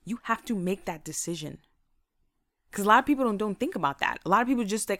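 A young woman casually telling her own stories in a lively, motivational way, laughing often and acting out what she said back then. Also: medium pitch, quick pace, dry recording. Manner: faith-inflected, motivational.

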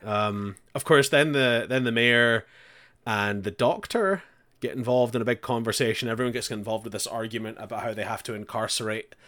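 A man talks casually with a co-host as they recap a show. He is animated and swears freely, breaking into quick impressions of the characters. His voice sits at an ordinary middle pitch. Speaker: podcast co-host.

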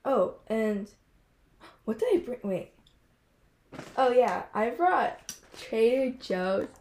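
A woman's voice: fairly high pitch, lively intonation, a little mellow, a little hiss or hum. A teenage girl co-hosting a casual podcast chat, hesitant and full of fillers. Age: teens. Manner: slow, hesitant, many fillers and giggles. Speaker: podcast co-host.

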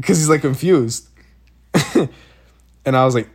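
A man's voice: medium pitch, moderate pace, long pauses, slightly rough. A man telling a funny story in casual chat, swearing a lot and acting out what people said. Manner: animated, laughing, acts out quotes, swears a lot.

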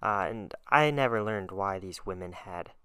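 A man hosting a podcast alone, telling casual stories in a chatty, animated way and laughing often. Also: deep voice, normal speed, clear, resonant tone, no echo, studio quality. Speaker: podcast host. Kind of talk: casual storytelling monologue.

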